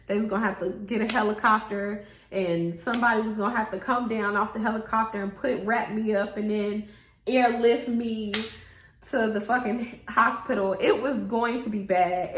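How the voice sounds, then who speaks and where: A woman's voice: medium pitch, slight background noise. A young woman vlogger telling a story in casual chat to her viewers, swearing freely and acting out what people said. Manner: animated, swears freely, acts out quotes. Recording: roomy echo.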